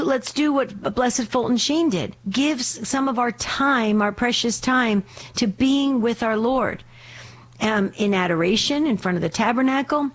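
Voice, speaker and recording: Woman, radio host, live call-in show, fervent, urgent, pleading, slight lingering cough. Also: a little high.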